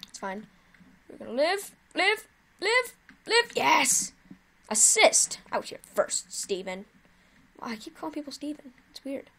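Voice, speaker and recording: Chatty, excitable woman commenting on gameplay. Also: fairly high pitch. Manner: chatty and excitable, cheering with exclamations. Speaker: gaming video host.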